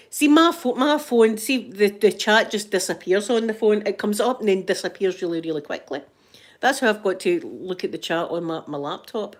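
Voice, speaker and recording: A middle-aged Scottish woman chatting on a livestream, telling stories with lots of restarts and laughs. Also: mid-range voice. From Scotland. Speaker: livestream host. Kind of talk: casual chat reading live comments.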